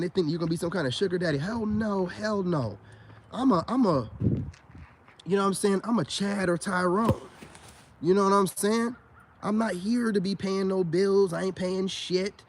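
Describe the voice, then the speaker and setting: A man's voice: high-pitched, slight background noise. A middle-aged man ranting in a profane, boastful monologue full of street slang. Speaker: online commentator.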